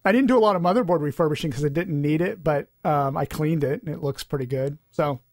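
A man's voice: a little high, fast talker, dry recording, clean studio sound. A man co-hosting a podcast, chatting casually and rambling with restarts and fillers. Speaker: podcast co-host. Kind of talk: casual chat.

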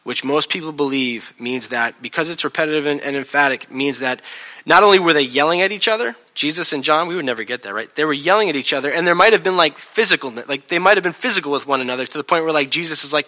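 A man preaching a sermon in a casual, chatty way, acting out scenes with lively voice changes. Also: fairly high pitch, fast talker. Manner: animated, acts out scenes with shifting voices; casual, chatty delivery with laughs. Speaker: pastor.

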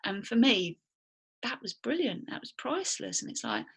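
A woman on a podcast with a husky, breathy voice and a gravelly fry underneath. She talks candidly and bluntly, in a loose conversational flow. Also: fairly high pitch, big pitch swings, moderate pace. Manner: candid, chatty and blunt, swears freely. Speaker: podcast co-host. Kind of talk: casual podcast chat.

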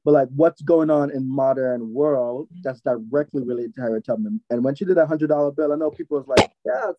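A man's voice: medium pitch, fairly quick, no echo, lo-fi sound. A man co-hosting a podcast, rambling through his opinions and acting out quoted moments. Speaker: podcast co-host. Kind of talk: casual recap chat.

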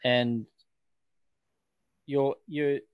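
A man's voice: medium pitch, steady tone, drawn-out words, smooth, dry recording, highs cut off. An Australian man co-hosting a podcast in casual chat, laid-back and hesitant. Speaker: podcast co-host.

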